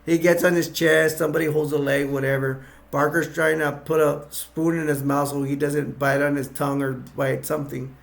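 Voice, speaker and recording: A man's voice: a little high, level tone, moderate pace, vocal fry, hardly any pauses. A man casually retelling a movie's plot, rambling with many fillers and restarts. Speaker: movie reviewer. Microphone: attached to a bag.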